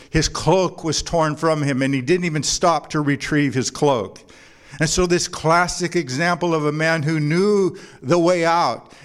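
A pastor delivers a sermon to his congregation in a relaxed, conversational manner. He mixes in jokes and asides. His voice sits a little on the higher side for a man. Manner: conversational preaching with humor and anecdotes. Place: church before a congregation.

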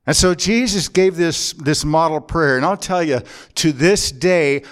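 A man delivering a sermon in a fairly high-pitched voice. He speaks earnestly, drawing out key words and pausing for emphasis. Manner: earnest preaching with slow emphatic pauses. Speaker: pastor.

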